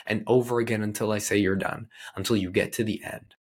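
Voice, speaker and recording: A man, a life coach, telling a story in a casual, blunt and animated way, swearing freely. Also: on the low side, brisk, hardly any pauses, slightly rough.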